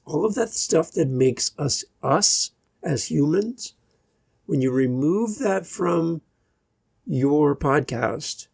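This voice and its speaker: A man hosting his own podcast, talking alone in a slow, deliberate way with long pauses between phrases. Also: fairly high pitch, expressive, gravelly, darkish tone, breathy edge, no echo, studio quality. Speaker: podcast host and editor. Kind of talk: solo podcast monologue.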